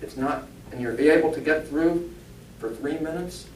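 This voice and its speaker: A spiritualist pastor and medium gives a conversational sermon in a church hall, joking and posing rhetorical questions to the congregation. His voice is a little mellow at a moderate pace. The recording is echoey, with the mic far off and a faint rumble.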